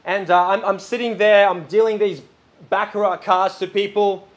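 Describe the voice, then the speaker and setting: A male preacher with a fairly high voice gives a sermon in a loose, conversational way, speaking at a moderate pace. Lively and chatty, he rambles warmly through stories, packed with filler words and restarts.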